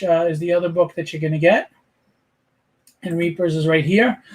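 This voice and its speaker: High-voiced man pitching a charity auction. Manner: energetic, persuasive, frequent fillers. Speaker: auction host.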